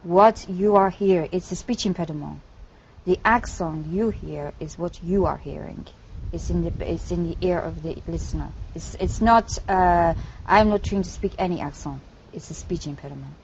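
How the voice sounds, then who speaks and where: A woman's voice: fairly low pitch, normal speed, gravelly, darkish tone, a little hiss or hum. An older woman giving an interview, speaking in short, clipped sentences that drop small words. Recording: dull lo-fi broadcast clip.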